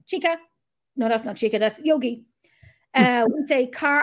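A woman's voice: sits high, moderate pace. A woman with a southern Irish accent, chatting casually as a podcast co-host, laughing often and swearing lightly. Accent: Irish, from the south (Drogheda area). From Ireland. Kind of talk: casual chat.

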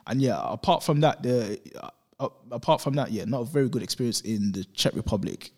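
A man's voice: mid-range voice, fast. A man from London telling travel stories in a casual chat, acting out the voices of the people he quotes. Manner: animated storyteller who acts out quoted voices.

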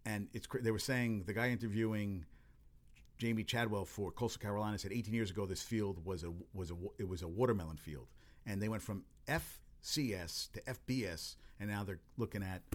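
Guy with a lowish voice rambling about football, swears a lot, keeps restarting his sentences. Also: brisk. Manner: rambling, profane, with frequent restarts and exclamations. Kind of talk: casual sports talk.

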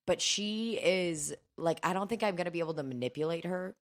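Low-pitched woman, rapid casual banter, frequent laughter, co-host. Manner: fast-talking, laughs often, swears casually. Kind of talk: casual comedic chat.

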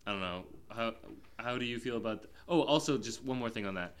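A man's voice: mid-range voice, fast talker, clear, resonant tone. Man, podcast co-host, casual rambling talk, lots of "like". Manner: rambling, heavy on "like" fillers. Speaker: podcast co-host, film reviewer. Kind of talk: casual chat.

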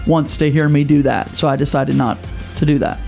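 A man hosting a casual sports radio show, upbeat and quick to laugh. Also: on the high side, fairly even intonation, creaky, a little mellow, soft background music.

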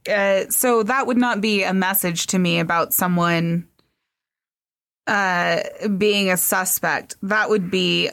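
Woman, casual podcast co-host, animated, frequent laughs, mid-range voice. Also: medium pitch, slow, vocal fry. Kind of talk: casual chat.

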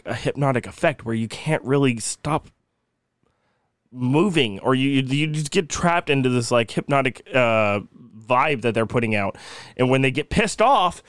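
A man's voice: medium pitch, lively intonation, moderate pace, no room sound, clean studio sound. A young man co-hosting a casual podcast, laughing often and swearing freely as he tells a spooky story. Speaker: podcast co-host.

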